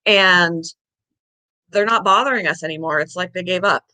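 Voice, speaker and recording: A woman's voice: on the low side, moderate pace, bright, forceful tone, poor audio. A woman vlogger chatting casually to the camera, telling a long story in a rambling way and sometimes out of breath. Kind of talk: casual chat.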